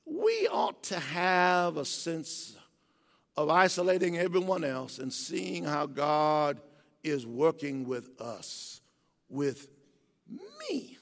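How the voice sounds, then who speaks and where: An older man preaching a sermon, swinging from low, quiet passages to soaring, emphatic shouts. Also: sing-song, takes it slowly, vocal fry. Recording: long hall reverb.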